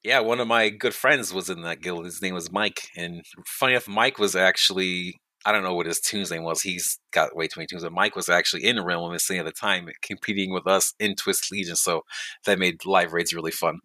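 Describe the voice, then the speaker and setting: A middle-aged man with a very deep voice talks easily through old gaming stories, full of fillers and asides. His tone has a bright, forceful bite despite the low pitch. The recording is dry and close, with no room around him. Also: a little fast, no room sound. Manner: relaxed storytelling, many fillers and asides. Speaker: guest, guild leader. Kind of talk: casual podcast chat.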